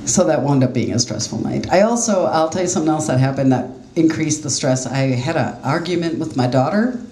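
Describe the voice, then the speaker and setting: A middle-aged woman performs stand-up on a small jazz club stage, telling self-deprecating stories in a chatty, conversational way with quoted voices as the live audience laughs. Her voice is low-pitched, warm and a little fast, with a little hiss or hum. The recording has roomy club sound and faint ambience.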